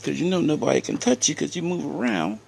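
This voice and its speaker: A man's voice: on the high side, sing-song, gravelly, darkish tone, slight background noise. A man in a taunting roast rant, dragging his words out. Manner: taunting, drawn-out. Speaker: vlogger.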